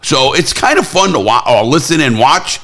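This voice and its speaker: A man's voice: on the high side, moderate pace. A middle-aged man hosting a casual podcast chat, telling rambling stories and acting out what others said. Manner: rambling storyteller, animated impressions. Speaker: podcast host.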